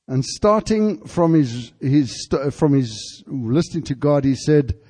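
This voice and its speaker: A male preacher tells a story from the pulpit. His voice sits a little high but sounds mellow and soft, and it rings with a long reverb through a large hall. He starts halting and rambling, then rises to fervent emphasis. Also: expressive. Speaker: pastor. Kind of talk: sermon storytelling.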